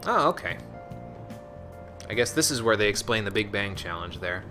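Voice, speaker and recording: He's a streamer narrating his game in an easygoing let's-play, aiming sarcastic jabs at the characters. His lowish voice is sharp, with lively intonation at a normal pace, laid over game music.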